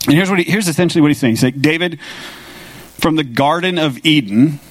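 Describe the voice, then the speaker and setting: A man's voice: a little high, a little fast, dry recording. A man preaching a sermon as pastor, talking casually and with animation, paraphrasing scripture in an everyday voice.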